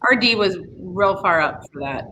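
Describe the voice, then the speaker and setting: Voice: medium pitch, animated, moderate pace, bright, forceful tone, a little hiss or hum, low-quality recording. A speaker on a video call who reacts to a soccer match in a chatty, self-deprecating way. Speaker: soccer supporters' group member. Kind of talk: casual watch-party chat.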